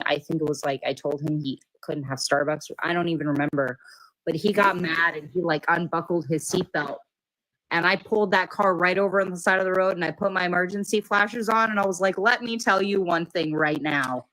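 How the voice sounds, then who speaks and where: A woman's voice: fairly low pitch, fairly bright tone, rough recording. A woman in casual radio chat, telling a story and leaning hard on fillers. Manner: rambling storyteller, heavy on filler "like". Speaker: parent on a radio talk panel.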